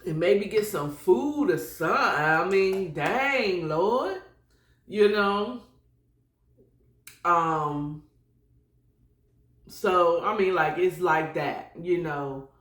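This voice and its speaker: A woman's voice: lowish voice, expressive, extremely slow, long pauses, fairly bright tone, echoey room. A woman hosting a casual solo morning chat podcast, rambling and chatty with prayerful asides. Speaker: podcast host.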